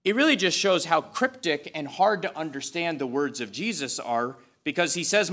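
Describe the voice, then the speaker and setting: A man's voice: on the high side, animated, normal speed, hardly any pauses, a bit bright. A man preaching a sermon in a conversational but emphatic way, repeating phrases for stress and adding touches of humor. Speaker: pastor.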